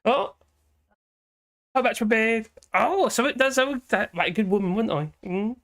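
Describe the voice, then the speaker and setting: A hoarse man runs a casual live stream. His voice sits fairly high and swoops about, with frequent giggles and cheeky asides. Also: lively intonation, normal speed, fairly bright tone. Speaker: livestream host. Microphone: headphones with a small speaker.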